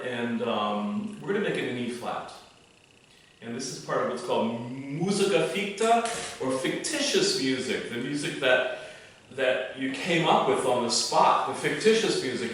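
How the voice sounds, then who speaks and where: A male associate conductor calmly explains a note change in the score. He is recorded far from the mic in a very echoey room. Faint noise sits in the background. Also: mid-range voice. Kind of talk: online choir rehearsal.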